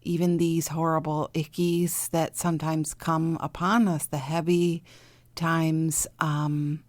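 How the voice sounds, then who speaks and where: A middle-aged woman speaks slowly and gently in a low voice, coaching listeners through healing. She sounds soothing and encouraging and now and then drops to a soft whisper. The recording is dry and close. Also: flat delivery, dry recording. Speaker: podcast host, healing coach. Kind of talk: reflective spiritual talk.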